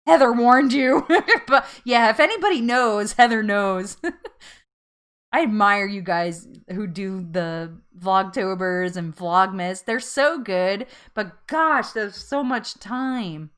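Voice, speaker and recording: A woman's voice: medium pitch, takes it slowly, fairly bright tone, clear, resonant tone. A woman hosting a casual live-stream chat with viewers, chatty and rambling, often laughing at herself.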